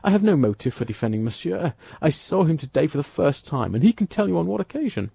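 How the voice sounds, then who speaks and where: A man reading an audiobook, voicing a bold, quick-witted young male musketeer who talks in a commanding, brisk way. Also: a little high, sing-song, creaky, warm tone, breathy edge, no room sound, voice pushed up, heavily acted.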